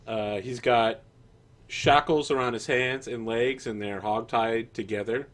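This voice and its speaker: A man narrating as game master in a relaxed, jokey way with many fillers. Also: mid-range voice, a little slow.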